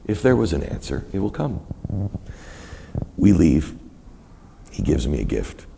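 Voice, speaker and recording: Speaking unhurriedly, a middle-aged guest with a very deep, gravelly voice tells a meandering story before an audience at a university event. He voices other people vividly, his pitch ranging widely, and a faint hiss lingers beneath the room sound.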